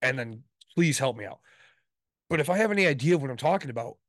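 A man's voice: medium pitch, expressive, quick pace, dry recording, studio quality. Congested man rambling with laughs. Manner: laughing, rambling with a "right?" tic. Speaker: podcast co-host. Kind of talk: casual chat.

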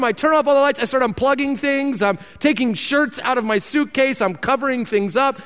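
Guy pastor giving a sermon, lively stories, repeats stuff for punch, big echoey church sound. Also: extremely high pitch, clean tone. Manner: animated storytelling with emphatic repetition.

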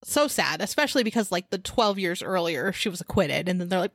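A woman's voice: fairly low pitch, expressive, a little fast, dry recording. Young woman cohosting a podcast, chatty, dry close mic, reads notes w/ little jokes. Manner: chatty, laughs often, reads notes with asides. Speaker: podcast co-host. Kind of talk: casual chat and read history.

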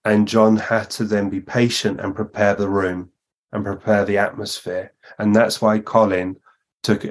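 A man's voice: on the low side, level tone, a little slow. A man, a guest medium, telling long anecdotes in conversation and acting out the lines of the people he quotes. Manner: narrates at length, acting out the speakers he quotes.

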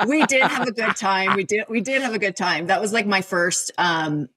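A woman, a writer and director, guesting on a podcast over a video call, wry, teasing and deadpan. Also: medium pitch, husky.

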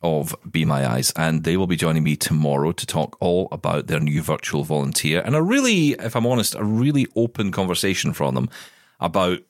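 A man co-hosting a casual radio chat show, animated and rambling, with frequent restarts and chuckles. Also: deep voice, fairly quick, no room sound, studio quality. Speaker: co-host.

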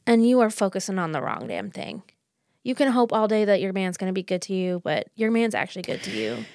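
A woman co-hosting a casual book podcast, talking in an animated, rambling way with quick restarts. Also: medium pitch, no room sound, clean studio sound. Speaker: podcast co-host.

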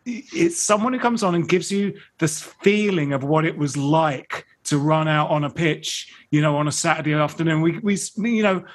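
A man's voice: fairly high pitch, moderate pace, few pauses. Enthusiastic male podcast host. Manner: enthusiastic, rambling lists. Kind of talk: casual podcast chat.

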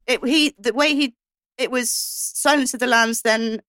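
A woman discussing films in casual chat, halting often with ums and restarts. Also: on the high side, fairly bright tone, no echo, studio quality. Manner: hesitant, many ums and restarts.

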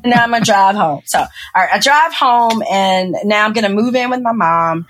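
A woman, a podcast guest telling a personal story with lively acted-out quotes and frequent laughter. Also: medium pitch. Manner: animated storyteller, acts out quotes, laughs often. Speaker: podcast guest, engineer and speaker. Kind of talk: storytelling interview.

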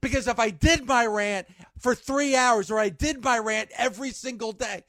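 A man with a strikingly high voice rants as a radio host, emphatic and exasperated, pleading for change. The sound is bone-dry and close on a studio microphone. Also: moderate pace, sharp tone, no echo. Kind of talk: ranting sports radio talk.

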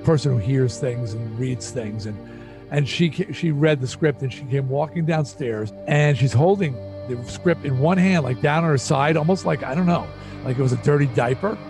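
A middle-aged man telling stories in a casual interview, animated and profane, often repeating himself as he gets worked up. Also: medium pitch, moderate pace, soft background music. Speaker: interview guest.

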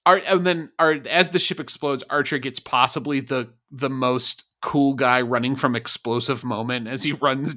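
A man co-hosting a podcast, recapping a TV episode in animated, laughing, profane casual chat. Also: on the high side. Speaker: podcast co-host.

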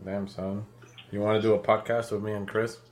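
A man's voice: on the low side, little pitch movement, fairly quick. A man co-hosting a podcast, joking around with friends and swearing. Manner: jokey, profane banter. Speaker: podcast co-host. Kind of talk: casual chat.

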